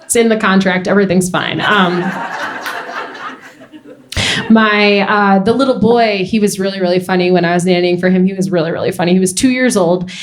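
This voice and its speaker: A young woman doing a stand-up comedy set on a club stage, telling stories with quick asides. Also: medium pitch. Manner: animated storytelling, quick asides. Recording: roomy club with faint noise.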